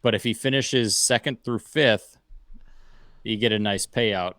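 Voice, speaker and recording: A man co-hosting a sports betting show, talking casually and explaining bets in a measured, reasonable way. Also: on the low side, a bit bright, no echo, studio quality.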